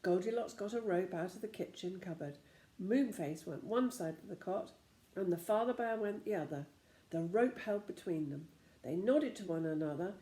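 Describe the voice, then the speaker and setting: A woman narrating a children's storybook aloud with an expressive reading manner. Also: lowish voice, normal speed. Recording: roomy echo.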